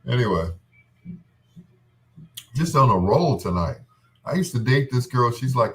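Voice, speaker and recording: A man's voice: mid-range voice, lively intonation, a little slow, long pauses, fairly bright tone. A man hosting a show, telling comic stories in a rambling way, laughing often and slipping into voices. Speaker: host. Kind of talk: comedic storytelling monologue.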